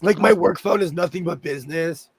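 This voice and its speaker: A man with a Minnesotan accent hosting a sewing livestream, chatting playfully and breaking into loud laughing exclamations. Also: a little high, a little fast, a crowd in the background. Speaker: sewing channel host. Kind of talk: casual livestream chat.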